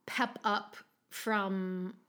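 A woman's voice: mid-range voice, fairly even intonation, extremely slow, fairly bright tone. A woman recapping a TV episode in casual chat, talking loosely with lots of "like" and frequent laughs. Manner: chatty, many filler "like"s, laughs often. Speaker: podcast co-host recapping a TV episode.

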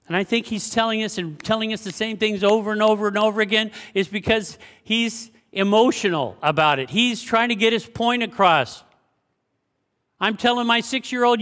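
A man preaching a sermon as pastor, swinging between loud exclamations and hushed, low passages. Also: expressive, moderate pace. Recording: long hall reverb.

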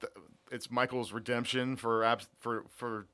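A man's voice: mid-range voice, flat delivery, measured pace, pushed and bright, clear, resonant tone. A man co-hosting a podcast in casual chat, chatty and laughing often. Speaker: podcast co-host.

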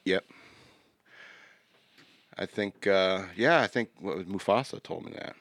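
A man's voice: low-pitched, measured pace, a bit bright, no echo, clean studio sound. A man co-hosting a podcast in casual banter, rambling and joking, often trailing off and restarting. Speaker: podcast co-host.

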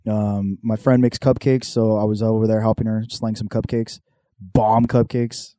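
A man's voice: fairly low pitch, little pitch movement, normal speed, mellow, no room sound, studio quality. A young man, hosting a podcast and telling a story in casual chat, swearing a lot and acting out the voices of people in it. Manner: laid-back storyteller, swears a lot, acts out quotes. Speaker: podcast host.

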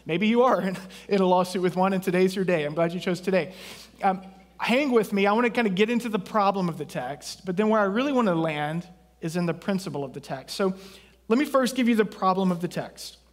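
A man's voice: sits high, fairly quick. A man from southeast Texas preaching a sermon as pastor, in a conversational way with jokes and asides.

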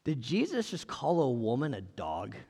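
Gravelly man preaching in a big hall. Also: medium pitch, huge pitch swings, normal speed, a little mellow. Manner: casual, asks the listeners questions. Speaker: pastor. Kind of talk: conversational sermon with Bible reading.

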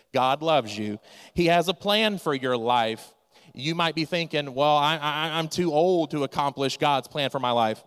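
A man's voice: fairly high pitch, fairly bright tone, clear, resonant tone, in a large hall. A man preaching a sermon, telling a story and acting out its characters' lines. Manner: storytelling preacher, acts out quoted dialogue. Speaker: pastor.

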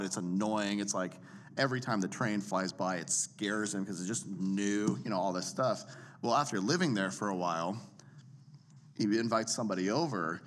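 Casual male speaking coach, lowish voice, animated, swings his pitch to demonstrate. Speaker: preaching coach. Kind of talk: casual teaching chat.

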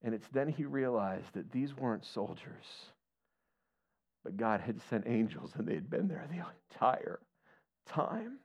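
A man's voice: big pitch swings, a little slow, breathy edge. A man preaching a sermon and telling a story, building his voice up with feeling and then dropping to near-whispers. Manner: emotional, builds to a raised pitch then drops to near-whispers. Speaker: pastor.

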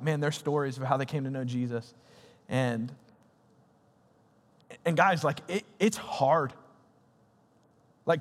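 A young man preaching a sermon in a casual, slangy, conversational way. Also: on the high side. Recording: reverberant hall.

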